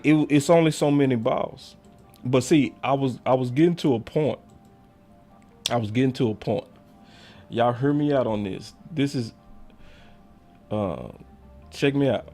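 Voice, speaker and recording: A man hosting a sports talk livestream, swinging from loud theatrical hype to quiet muttered asides while reading chats. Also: mid-range voice. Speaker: sports show host.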